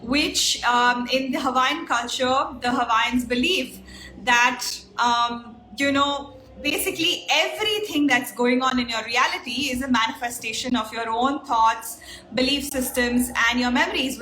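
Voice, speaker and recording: A woman speaks in a high, bright, forceful voice. She talks earnestly to camera as a coach, filling her pauses with ums. The room around her adds a noticeable echo. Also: slight background noise. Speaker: life coach. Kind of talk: casual talk to camera, teaching a method. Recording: roomy echo.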